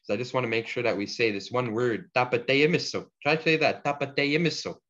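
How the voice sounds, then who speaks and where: A man teaching a language class, patiently explaining word forms and repeating each example slowly for the learners. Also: mid-range voice, a bit bright. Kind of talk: online language lesson. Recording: dull lo-fi audio.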